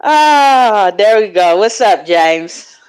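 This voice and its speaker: A woman hosts a live audio chat room in a loose, slangy way, swearing freely and joking with her listeners. Her voice sits in a middle pitch, and she keeps things laid-back. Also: expressive, slow pace, a little mellow, clean tone, low-quality recording. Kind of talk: casual chat.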